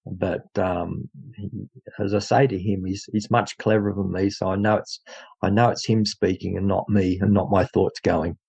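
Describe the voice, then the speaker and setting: A man's voice: low voice, level tone, moderate pace, creaky, a little mellow, husky, rough recording. A man from Australia with an Australian accent, sharing a faith testimony in an earnest, hesitant way with many fillers. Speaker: guest speaker in an online faith group.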